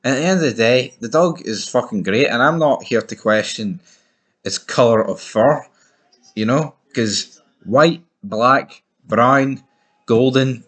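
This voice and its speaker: Scottish man, young, film reviewer, sweary, animated, mock-macho, lowish voice. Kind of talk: casual movie review rant.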